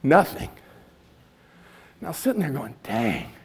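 A male stand-up comedian telling a story to an audience, acting out his own lines and now and then shouting them. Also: high-pitched, animated, moderate pace.

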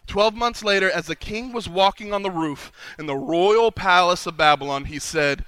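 A man with a high, very bright and forceful voice delivers a humorous sermon. He tells his stories with animation, acting out the people he quotes, and the sound is close and dry. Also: normal speed, smooth, dry recording. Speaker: conference speaker. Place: conference session.

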